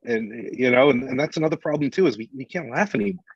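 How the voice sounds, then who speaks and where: Blunt, husky-voiced man on a muffled line. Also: medium pitch, fast talker, dry recording. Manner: outspoken, blunt, swears. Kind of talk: casual podcast chat.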